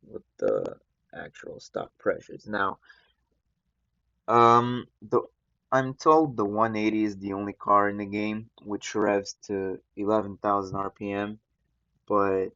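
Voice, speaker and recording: A man's voice: lowish voice, no echo, lo-fi sound. A man hosting a gaming channel, chatting casually over gameplay while feeling unwell after just waking up. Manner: relaxed, rambling, slow. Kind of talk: casual game commentary.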